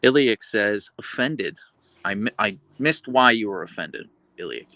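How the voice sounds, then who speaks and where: Streaming live from his Seattle home, a man chats casually, reads viewer comments aloud in a rambling way, and switches to high-pitched baby talk for his dogs. His voice is expressive, a little slow, pushed and bright, and the recording is dry.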